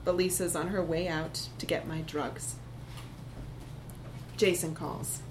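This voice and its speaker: A woman narrating a first-person literary story in a measured, reflective way. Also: deep voice, fairly even intonation, background noise.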